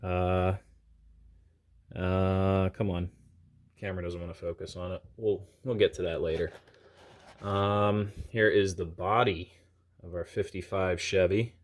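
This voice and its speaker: Man, very low voice, casual unboxing chat, thinks aloud, self-deprecating, indoors at a desk. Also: steady tone, measured pace, long pauses. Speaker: diecast collector channel host.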